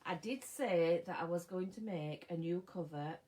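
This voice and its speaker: A woman's voice: fairly low pitch, moderate pace, warm tone, low-quality recording. Tired chatty English woman live-streaming sewing. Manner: chatty, greets viewers by name, loses her words. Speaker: sewing channel host. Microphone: phone or camera mic.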